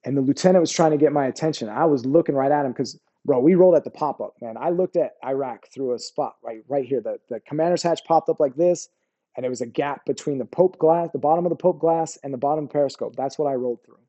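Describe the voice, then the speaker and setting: Dude in his 40s cursing thru war stories, darker mellow voice, keeps going "you know what i mean". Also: fairly high pitch, quick pace. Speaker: Army veteran guest. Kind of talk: candid interview storytelling.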